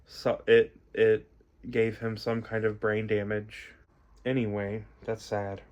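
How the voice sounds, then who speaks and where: Young male reaction host, unhurried and reflective, loose chatty delivery full of fillers. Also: on the low side, flat delivery, dull audio. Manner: soft-spoken, reflective, rambling with many fillers. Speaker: music reaction video host. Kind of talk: casual reaction commentary.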